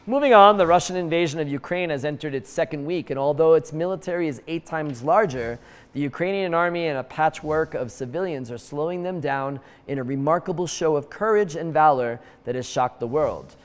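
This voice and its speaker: A man presenting a comedic news show, pitched a little higher than most men. He reads the news plainly and drops in wry, joking asides. His voice trails off into a long reverb. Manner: wry, jokey asides with quick put-on voices.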